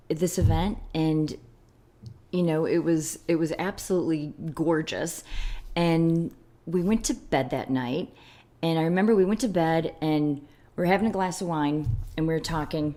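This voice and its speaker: Low-voiced woman telling a story. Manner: animated, acts out quoted dialogue in lively voices. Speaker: podcast guest. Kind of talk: storytelling in a conversational interview.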